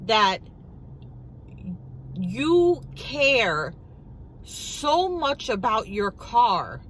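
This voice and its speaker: A middle-aged woman vlogger tells a story while eating, animated and incredulous, firing off rhetorical questions. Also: fairly high pitch, slight background noise, rough recording.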